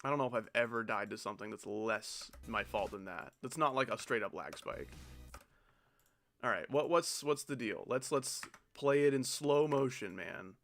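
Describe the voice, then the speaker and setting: There's slight background noise as this streamer, a man with a creaky, somewhat bright, medium-pitched voice, talks at normal speed. He's swearing and venting in exasperated spurts while dissecting a failed try in his game.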